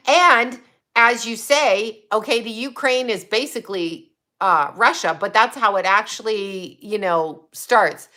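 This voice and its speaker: A woman with a bright, forceful voice hosts a casual livestream and answers her viewers. She rambles from one subject to the next, talks bluntly and swears often. Her pitch sits in a middle range. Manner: rambling, blunt and profane, with frequent laughs. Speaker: psychic medium livestream host.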